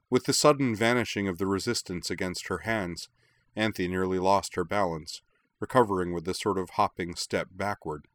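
A man narrating a story aloud in a measured, quiet way. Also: low-pitched, no room sound. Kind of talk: reading fiction aloud.

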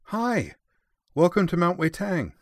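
Yui, a bubbly teen girl squealing high, voiced by a man. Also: slow, no echo, clean studio sound, full character voice. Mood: excited. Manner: excited, gushing.

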